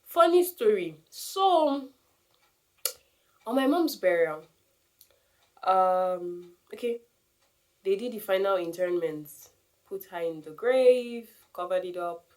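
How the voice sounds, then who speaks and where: A woman, talking earnestly to camera and giving advice on grief. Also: on the low side. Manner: earnest, animated, emphatic. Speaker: vlogger sharing grief advice. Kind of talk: casual talk to camera.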